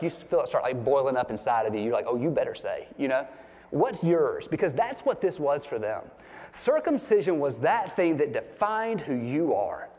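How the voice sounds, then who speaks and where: A male pastor with a fairly high voice delivers an animated, conversational sermon in a church sanctuary, posing questions to the congregation. The recording carries the long reverb of a large hall.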